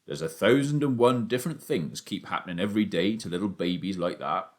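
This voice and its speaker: Low, steady country father, voiced by a male reader. Earnest and plain-spoken, with an expressive delivery. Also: fairly quick. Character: a boy's father, a rural working man.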